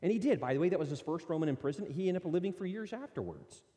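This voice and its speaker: A man preaching a sermon as pastor, earnest and animated, swinging between emphatic highs and quiet, hushed asides. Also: racing, in a large hall.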